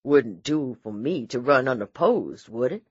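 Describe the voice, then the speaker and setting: A man's voice: mid-range voice, normal speed, a bit bright, breathy edge, no echo. A man narrating an audiobook voices a smug, menacing male sheriff who taunts and brags, on dry, slightly dull audio. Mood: mocking. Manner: taunting, bragging, condescending.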